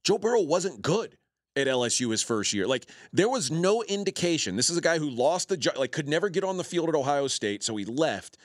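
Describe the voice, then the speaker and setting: A man's voice: a little high, very animated, fairly quick, no echo. A man hosting a sports betting talk show, making his points in a casual, opinionated way. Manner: opinionated, emphatic.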